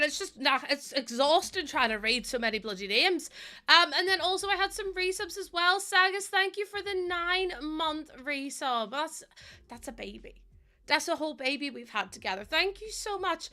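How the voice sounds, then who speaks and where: Woman streamer, bubbly and giggly, high and bright, casual chat with viewers. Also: expressive, normal speed. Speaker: live streamer.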